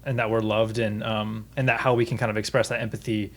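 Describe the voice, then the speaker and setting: A man's voice: lowish voice, flat delivery, fast. A man in his thirties co-hosting a podcast, chatting casually and earnestly, with many restarts and fillers. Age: 30s. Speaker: podcast co-host. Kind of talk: casual review chat.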